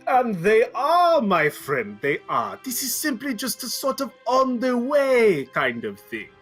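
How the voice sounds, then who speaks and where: DM doing a wheedling merchant prince, persuasive, stilted phrasing, tabletop game. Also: male voice, very high-pitched, huge pitch swings, a little slow, a bit bright, slightly rough, faint music behind, voice pushed up, full character voice. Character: smooth scheming male merchant prince, bathing.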